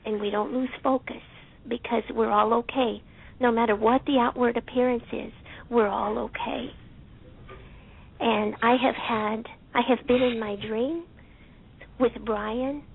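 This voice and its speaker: A woman calling in to a talk show by phone, speaking in a heartfelt, halting and soft-spoken way. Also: a little high, fairly even intonation, creaky, breathy edge. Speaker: caller. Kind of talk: emotional call-in testimony. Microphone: telephone. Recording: tinny phone line.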